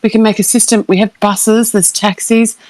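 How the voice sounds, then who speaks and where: A middle-aged woman chatting casually on a live stream, animated and swearing freely. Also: mid-range voice, moderate pace, dry recording. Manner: animated, swears, acts out quoted voices. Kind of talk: casual chat.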